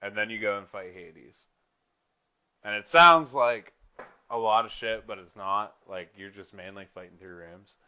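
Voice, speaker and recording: A man's voice: fairly low pitch, measured pace, bright, forceful tone, muffled recording. A young man hosting a podcast, chatting casually and profanely about a video game with lots of filler words. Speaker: podcast host.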